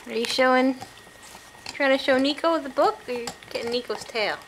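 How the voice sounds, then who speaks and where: A woman's voice: sits high, normal speed, very noisy. A woman filming her small child at home, talking to the child in a playful sing-song way. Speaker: parent filming her toddler. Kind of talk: casual home video. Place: family home indoors.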